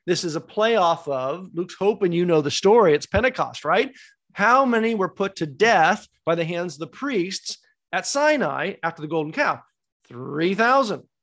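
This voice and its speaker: Animated male Bible study teacher. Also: sits high, moderate pace. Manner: emphatic, rhetorical questions, repeats key words.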